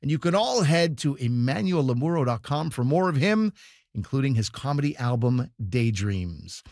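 A man hosting a comedy broadcast, reading crisp scripted introductions of performers. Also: medium pitch, sing-song, moderate pace, darkish tone, no room sound, clean studio sound. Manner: crisp, reads promotional details. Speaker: radio comedy show host.

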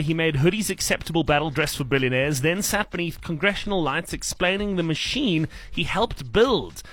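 A man hosting a breakfast radio show, running a guess-the-celebrity game in an energetic, playful, teasing way. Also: fairly high pitch. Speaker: radio host.

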